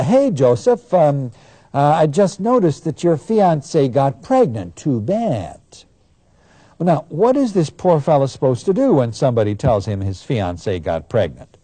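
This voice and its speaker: A man teaching about the Bible in an animated lecture, acting out the people he quotes with sudden bursts of emphasis. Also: medium pitch, dry recording. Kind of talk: lecture on scripture.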